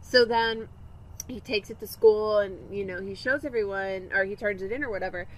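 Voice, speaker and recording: A woman in her thirties co-hosting a podcast, chatting casually with wry jokes and lively storytelling. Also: mid-range voice, normal speed, low-quality recording. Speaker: podcast co-host. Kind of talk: casual chat.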